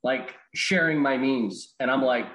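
A man's voice: mid-range voice, measured pace, highs cut off, a crowd in the background. A man co-hosting a casual podcast chat, telling stories with crude language and acting out quotes. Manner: storytelling, swearing, acts out quotes. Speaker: podcast co-host. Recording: roomy echo with faint background noise.

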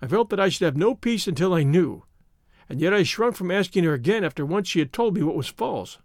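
A man narrating a story in the first person with an expressive, theatrical delivery. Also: high-pitched, fairly quick, dry recording, clean studio sound. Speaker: audiobook narrator.

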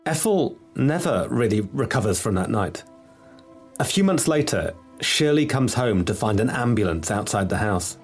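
A man's voice: fairly low pitch, big pitch swings, normal speed, faint music behind. A man hosting and narrating an investigative documentary podcast in a reflective, earnest way.

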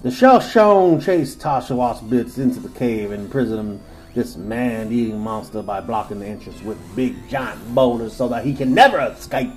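A man with a mellow, rounded voice co-hosts a loose podcast and reads out monster lore. His delivery is crude and jokey, and he laughs as he goes. Soft music plays faintly behind him. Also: medium pitch, moderate pace, poor audio. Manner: crude, joking, laughs often. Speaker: podcast co-host. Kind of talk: casual podcast chat reading monster legends.

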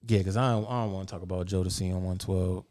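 Low-voiced laid-back man hosting a podcast. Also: steady tone, quick pace, warm tone, no echo, studio quality. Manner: laid-back, profane, blunt. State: tired, low energy. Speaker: podcast host. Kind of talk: casual group podcast chat.

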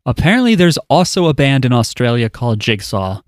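A man's voice: mid-range voice, very animated, brisk, clean tone, no echo, clean studio sound. A man hosting a casual podcast chat and offering wry, joking opinions. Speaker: podcast host.

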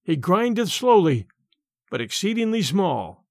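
A man's voice: high-pitched, sing-song, a little slow, darkish tone, no echo, studio quality, exaggerated voice. A man voicing a smug young male suitor with a nasal voice in a storybook reading.

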